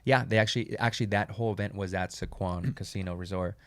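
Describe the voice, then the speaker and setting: Man, 30s, DJ guest; low, gravelly, easygoing talker. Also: fairly even intonation, fast talker, no echo. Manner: agreeable, chill, short replies. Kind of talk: casual chat.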